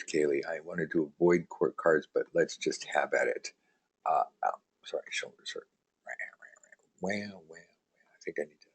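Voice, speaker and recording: A man's voice: low voice, darkish tone, slightly rough. A man teaching tarot in a casual live online lesson, chatty and joking, reading out viewer comments as he rambles along.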